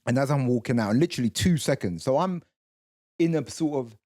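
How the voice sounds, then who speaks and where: A man's voice: medium pitch, animated, a little fast, a little mellow. A man co-hosting a podcast, telling a long story with lots of restarts, quoted voices and swearing. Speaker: co-host. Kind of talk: casual storytelling chat.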